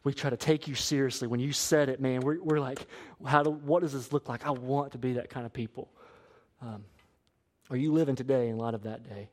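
A young man preaching a sermon as pastor, animated and asking the congregation to answer back. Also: medium pitch, moderate pace. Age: young adult. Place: church sanctuary.

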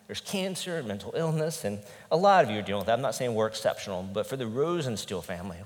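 A man's voice: on the low side, expressive, fast. A male pastor preaching a conversational sermon, earnest and candid, his voice sometimes breaking with emotion. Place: church sanctuary. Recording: long reverb in a large hall.

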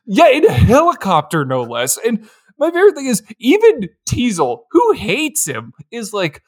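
A man co-hosting a casual film podcast, excitable and swearing, laughing often as he recaps his favorite moments. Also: extremely high pitch, moderate pace, few pauses. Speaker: podcast co-host. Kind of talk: casual movie recap chat.

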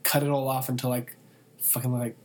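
A young man in casual chat, rambling through a story with plenty of fillers and crude asides. His pitch sits in a middle range, and a faint hiss of noise runs under the recording. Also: flat delivery, brisk, a little mellow. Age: young adult. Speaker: college student and photography intern.

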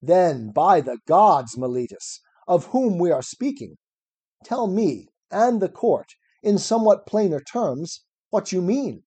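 A man's voice: high-pitched, big pitch swings, takes it slowly, warm tone, husky, full character voice. A man reading aloud as an elderly male philosopher defending himself at trial, ironic and probing. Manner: cross-examining, probing, ironic. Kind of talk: reading a classic dialogue aloud.

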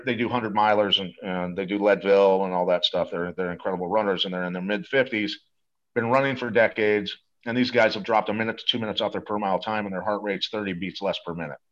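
A man's voice: on the low side, fairly bright tone. Eager rambling man on dull audio. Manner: eager, rambling, salesy, many restarts. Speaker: guest promoting a supplement. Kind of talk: casual interview talk.

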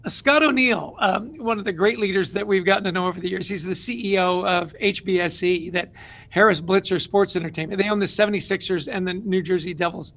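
A man's voice: high-pitched, fairly quick. A man who is a guest author, telling stories with energy in an interview conversation. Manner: energetic, animated storyteller.

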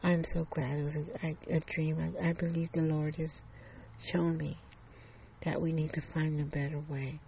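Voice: mid-range voice, level tone, moderate pace, gravelly, a little mellow, slight background noise, close to an everyday voice, low-quality recording. A storyteller voicing a terrified mother. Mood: earnest. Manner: shaky then earnest and pleading. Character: frightened mother with grown daughters, dreaming of an intruder.

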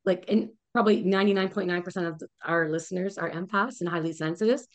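A woman's voice: lowish voice, fast talker. A woman wellness coach, a guest on a podcast, giving frank and encouraging advice in casual conversation and swearing now and then.

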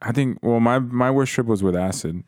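A man's voice: mid-range voice, normal speed, a little mellow, no echo, clean studio sound. A man chatting casually and asking questions in a laid-back, profane way. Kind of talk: casual chat.

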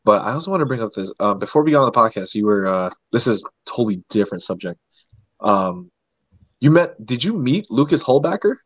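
A man's voice: mid-range voice, very animated, brisk, a bit bright, slightly rough, no room sound, dull audio. A man hosting a casual podcast chat, rambling and repeating his words as he talks. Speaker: podcast host.

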